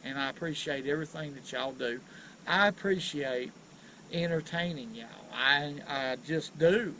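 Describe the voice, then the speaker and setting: A man hosting a casual fishing vlog from a boat on a river, folksy and excitable as he talks to viewers. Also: on the high side, measured pace, slight background noise, low-quality recording. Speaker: fishing channel host.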